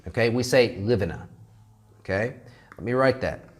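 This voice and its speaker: A man teaching an English grammar lesson, drilling phrases and checking in with "okay?" over and over. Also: mid-range voice. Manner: repeats phrases slowly to model pronunciation.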